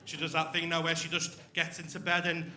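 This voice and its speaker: A man's voice: on the high side, little pitch movement, brisk, sharp tone. A young man doing a crude, swearing stand-up routine with crowd work on a comedy club stage. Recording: echoey club room.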